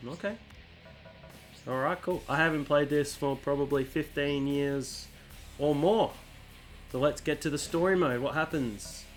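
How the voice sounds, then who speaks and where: A man hosting a casual let's-play, chatting through menus and reading the on-screen text aloud. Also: a little high. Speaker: gaming channel host.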